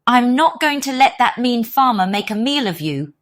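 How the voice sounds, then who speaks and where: A woman voicing a brave, bossy male donkey in a storybook reading, speaking in a steady, protective way. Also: a little high, normal speed, no echo, studio quality, pitched above the performer's own voice. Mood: determined.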